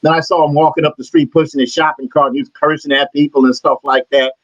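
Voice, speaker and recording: Fast-talking, profane male storyteller. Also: a little high, steady tone. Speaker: comic book illustrator, interview guest. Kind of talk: casual interview storytelling. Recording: dull lo-fi dry audio.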